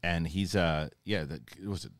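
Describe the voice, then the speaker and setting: A man's voice: deep voice, normal speed, no echo. A man hosting a podcast in casual chat, rambling, profane and joking as he tells stories. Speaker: podcast host.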